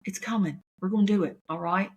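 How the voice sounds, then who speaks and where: A woman comedian, talking in a chatty, folksy, animated way on her podcast. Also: mid-range voice, quick pace. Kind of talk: casual chat.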